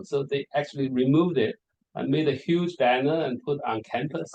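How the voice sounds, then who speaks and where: A man's voice: mid-range voice, moderate pace, darkish tone, rough recording. A man giving a conference presentation as a lecturer, speaking hesitantly with many repeated words and fillers. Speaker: lecturer presenting on English varieties.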